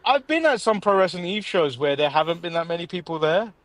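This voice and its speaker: Brief: English male co-host, slightly high voice, dry close sound, loose rambling banter. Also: fairly quick, no room sound. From England. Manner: laughs often, lively and rambling. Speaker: podcast co-host. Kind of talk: casual chat.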